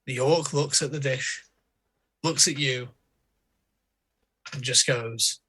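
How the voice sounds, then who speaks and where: A man narrating a tabletop game as game master, telling the scene slowly and deliberately and laughing often. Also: medium pitch, bright, forceful tone, a little hiss or hum.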